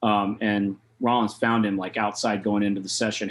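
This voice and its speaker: A man's voice: lowish voice, level tone, moderate pace, a bit bright. A man giving a casual online jazz master class, talking through rhythm exercises and scatting them aloud. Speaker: jazz saxophone clinician. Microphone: video call.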